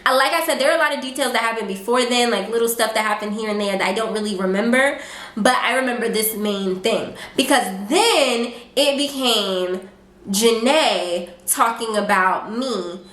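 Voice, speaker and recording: A young woman vlogger telling a casual storytime, chatty and animated, full of fillers and quoted asides. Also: a little high, normal speed. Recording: echoey room.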